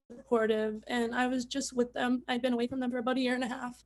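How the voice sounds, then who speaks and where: A woman contestant answering haltingly, emotional after hearing from her family. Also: a little high, level tone. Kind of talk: emotional interview reply.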